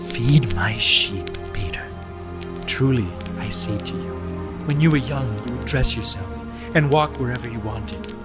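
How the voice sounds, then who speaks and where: A man voicing Jesus as a gentle, grave figure, speaking slowly and softly. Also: lowish voice, expressive, over loud music, voice pushed down. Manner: slow, soft and solemn.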